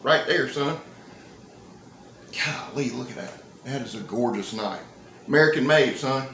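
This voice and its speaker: A man, talking through a casual knife-review vlog in an excitable, folksy, joking way. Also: medium pitch, measured pace, heavy background noise. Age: 50s. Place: indoor room. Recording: roomy, echoey sound.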